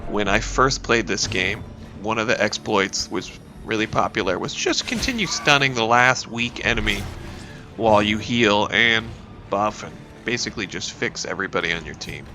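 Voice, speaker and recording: Faint music plays behind this let's play commentary from a gaming YouTuber and teacher in his thirties who has a sniffly cold. His lowish voice is expressive, pushed and bright at a normal speed, and he rambles casually, chatting to the characters in his game.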